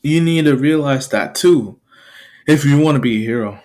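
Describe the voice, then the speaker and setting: A man's voice: mid-range voice, normal speed, darkish tone, close to an everyday voice. Big, hearty number-one hero giving fatherly advice, as a man puts him on in a fan story. The delivery is reassuring and chuckly, mostly in a mid-range man's voice close to the narrator's own. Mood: earnest. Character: top male superhero, big, hearty, mentoring.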